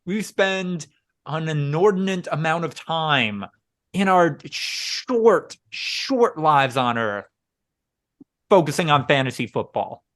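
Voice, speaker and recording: Late-20s guy cohosting a podcast, jokey and rambly, kinda high voice. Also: expressive, slow, a bit bright. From Wisconsin, US. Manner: joking, rambling, restarts a lot. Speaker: podcast co-host. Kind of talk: casual podcast banter. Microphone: podcast microphone.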